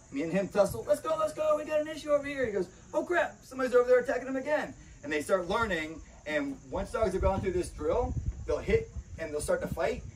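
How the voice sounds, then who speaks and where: A man's voice: fairly high pitch, a little mellow. A man who trains protection dogs and hosts a podcast, explaining defense in an emphatic, casual teaching style and often checking in with "right?". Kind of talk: casual instructional talk. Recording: slightly distant mic, faint background noise.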